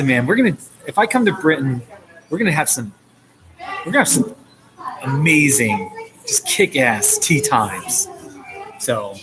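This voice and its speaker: An American man in his forties chats casually on a live stream, replying to viewer comments with frequent laughter and a voice that leaps up when he gets excited. His pitch is medium and his pace measured, with many pauses. The audio is poor, and a crowd can be heard behind him.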